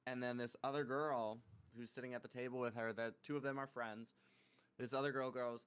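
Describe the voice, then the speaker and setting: A man's voice: mid-range voice, flat delivery, a little fast, a bit bright, clear, resonant tone. A young man co-hosting a podcast, casually telling stories about his work, swearing freely and laughing at his own tales. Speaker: podcast co-host. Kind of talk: casual chat.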